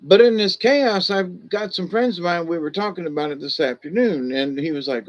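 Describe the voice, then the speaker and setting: A man's voice: high-pitched, normal speed, hardly any pauses, highs cut off. A man hosting a casual livestream, rambling in a loose, folksy way and greeting viewers by name. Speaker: livestream host.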